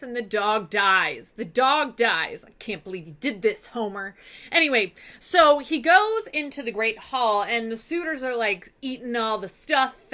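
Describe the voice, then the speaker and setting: A woman teacher who recaps a story in a casual, animated and playfully dramatic way. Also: on the high side.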